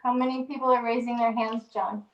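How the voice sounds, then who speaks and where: A woman's voice: on the high side, little pitch movement, brisk, dull audio. A woman co-hosting a casual chat show, directing the others and voicing complaints about the night. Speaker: co-host. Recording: roomy, slightly noisy mic.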